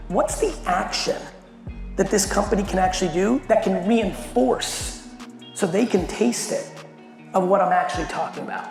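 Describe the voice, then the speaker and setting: A middle-aged man telling a story in a talk to a company audience, animated and full of swearing. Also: sits high, vocal fry. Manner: profane, animated, fast storyteller. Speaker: keynote speaker. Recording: echoey hall with long reverb, faint music.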